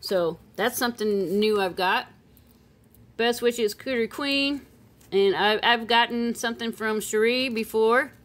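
Female collector vlogger, higher voice, unhurried and playful, with sing-song outbursts. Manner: playful, chatty, with excited squeals and sing-song calls. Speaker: silver coin collector vlogger. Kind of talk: casual unboxing chat.

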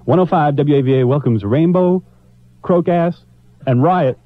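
A radio disc jockey with a fairly high voice jokes on air at a moderate pace, trading playful, mock-sentimental, self-mocking morning banter. He's in a radio studio on a studio microphone, but the old aircheck recording sounds muffled.

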